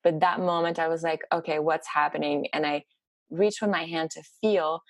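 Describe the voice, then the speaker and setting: A woman sharing a personal story in casual conversation, animated and halting, with many fillers. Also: fairly low pitch, no echo. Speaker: podcast guest.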